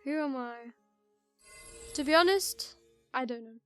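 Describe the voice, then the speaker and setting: A woman voicing a soft-spoken young female murder suspect, gentle and eerie, reading a visual novel aloud in a quiet, hesitant way. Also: high voice, animated, measured pace, soft background music. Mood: curious.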